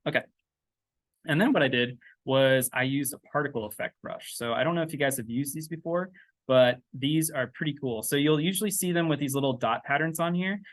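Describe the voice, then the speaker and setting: A man's voice: mid-range voice, brisk, no echo. Casual man thinking aloud over a tutorial. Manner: loose and chatty, thinking aloud with many fillers and "right?". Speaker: 3D texturing instructor. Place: indoors at a laptop.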